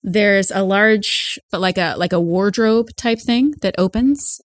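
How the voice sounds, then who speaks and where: A woman's voice: medium pitch, measured pace, dry recording, studio quality. A woman running a tabletop game as game master, narrating in an easy, conversational way.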